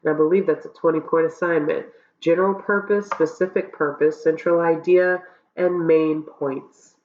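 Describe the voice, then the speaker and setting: Her voice sits low and darkish, with fairly even intonation at a normal speed, though a cold leaves it stuffy. She's a college public speaking instructor casually walking students through course assignments in a recorded lecture, peppering it with "okay?" and um. Audio is dull, lo-fi and roomy.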